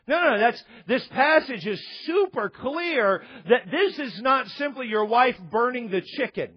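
A high-pitched man preaching a sermon from the pulpit. He mixes scripture with jokes and conversational asides, often restarting his words. The recording sounds muffled and lo-fi. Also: animated, measured pace, breathy edge. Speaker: pastor.

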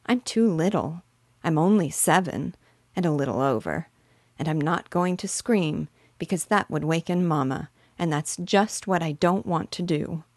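A solemn, well-mannered little girl of seven from a storybook, as a woman reading aloud puts her on. She speaks softly and politely in a low, even voice, recorded close and dry. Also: a little slow, dry recording, exaggerated voice. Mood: gentle. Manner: soft and very polite.

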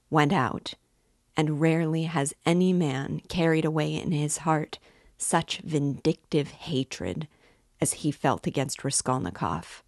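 A middle-aged woman reads a classic novel aloud in a low, unhurried voice. Her narration is measured and steady. The sound is dry and close. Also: creaky, no echo. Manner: measured, lifts voice for quoted dialogue. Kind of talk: literary read-aloud.

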